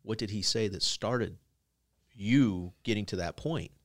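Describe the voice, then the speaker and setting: A man co-hosting a casual interview show. He tells stories in a lively way and acts out the people he quotes. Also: on the low side, a little slow. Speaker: podcast co-host.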